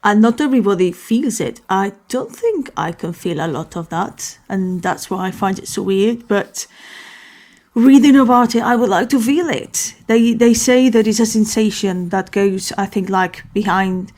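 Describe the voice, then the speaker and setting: A woman's voice: mid-range voice, moderate pace, a little mellow. A woman hosting her own show, talking casually and alone, rambling and correcting herself as she muses aloud. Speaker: podcast host. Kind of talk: casual solo talk.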